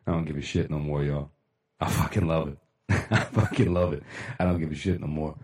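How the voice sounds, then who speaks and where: A man hosting a casual motivational livestream, talking bluntly with lots of swearing and shout-outs to viewers. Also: extremely low pitch, fairly even intonation, a little fast, roomy sound, recorded from a distance. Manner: blunt, profane, rambling, laughs often. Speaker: livestream host.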